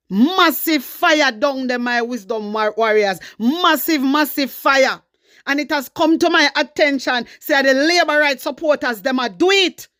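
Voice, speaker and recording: Emphatic high-voiced Jamaican woman vlogger. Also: fairly bright tone, dry recording, clean studio sound. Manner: emphatic, repeats phrases for stress. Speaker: political vlogger. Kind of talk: heated political commentary vlog.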